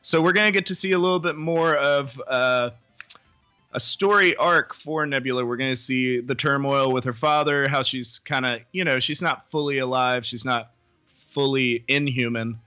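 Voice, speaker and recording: A man's voice: medium pitch, fairly even intonation, normal speed, pushed and bright, clear, resonant tone, soft background music. A man co-hosting a podcast, rambling through the news with self-deprecating jokes and frequent laughs. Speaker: podcast co-host. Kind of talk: casual chat.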